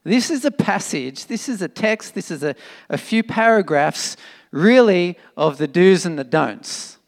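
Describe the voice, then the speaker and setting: A man preaching a sermon in an animated, emphatic, conversational way, with fillers and restarts. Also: high-pitched, a little slow. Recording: long reverb of a hall.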